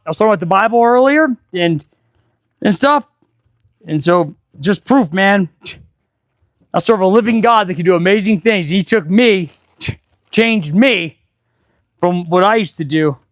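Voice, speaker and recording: A middle-aged man, an auto mechanic hosting a casual live stream from his garage, chatting and rambling excitably as he works. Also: high voice, normal speed, pauses often, no echo, studio quality. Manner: chatty, excitable and rambling, with sudden loud outbursts. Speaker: auto mechanic and channel host. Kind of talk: casual live-stream chat while working.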